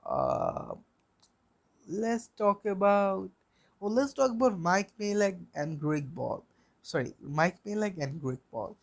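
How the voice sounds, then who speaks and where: A man's voice: sits high, huge pitch swings, slow pace, vocal fry. A young man hosting a solo podcast, rambling, repeating himself and swearing bluntly. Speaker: podcast host.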